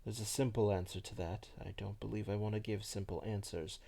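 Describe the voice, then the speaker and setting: A man voicing a melancholy old vampire who recalls his past slowly and softly. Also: lowish voice, steady tone, creaky. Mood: wistful. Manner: slow, soft, hushed storytelling.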